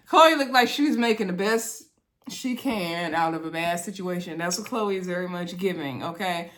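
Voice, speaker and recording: A woman's voice: lowish voice, normal speed, a bit bright. Chatty woman recapping reality TV. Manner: chatty, laughs often, talks to viewers as y'all. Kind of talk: casual chat to viewers.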